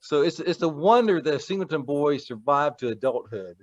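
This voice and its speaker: A man's voice: a little high, animated, normal speed, darkish tone, dry recording. A man casually telling a childhood mishap in a wry way. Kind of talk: casual storytelling. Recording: muffled dry audio.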